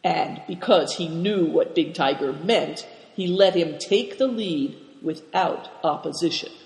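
Measured storybook narrator in a hall. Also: mid-range voice, creaky, a little mellow. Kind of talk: storybook reading. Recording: roomy hall reverb.

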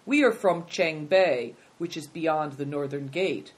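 A woman's voice: low-pitched, unhurried. A woman reading a storybook aloud and voicing a poor, polite, clever country boy. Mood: earnest. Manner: polite and earnest.

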